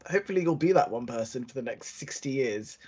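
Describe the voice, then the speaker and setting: A young adult podcast co-host telling stories in an animated, casual way, acting out quotes and using lots of fillers. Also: mid-range voice, breathy edge. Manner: animated storytelling, quick acted-out quotes, many fillers. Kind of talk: casual chat. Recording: dull lo-fi recording.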